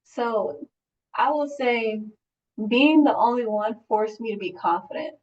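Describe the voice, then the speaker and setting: A woman's voice: on the high side, a little slow, distant mic, lo-fi sound. A young adult woman hosting a podcast, talking casually with lots of "like" and light laughs. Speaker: podcast host. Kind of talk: casual interview chat.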